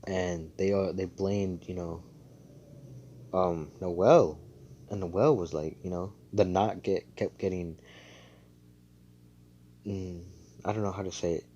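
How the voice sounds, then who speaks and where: A man's voice: low voice, fairly even intonation, slow pace, pauses often, dark tone, muffled recording, slight background noise. A man casually telling a fan-made story over voice chat, rambling and profane, with lots of fillers. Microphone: voice chat mic.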